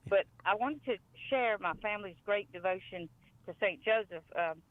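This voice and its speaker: A woman's voice: medium pitch, normal speed, dry recording. Chatty Louisiana woman on the phone. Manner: chatty, rambling with restarts. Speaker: caller. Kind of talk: phone-in storytelling. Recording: tinny phone line.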